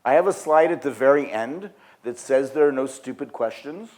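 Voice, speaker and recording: Casual, animated man leading a workshop. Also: mid-range voice, normal speed. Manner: casual, animated storytelling with frequent fillers. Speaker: design workshop speaker. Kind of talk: live workshop talk. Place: conference venue.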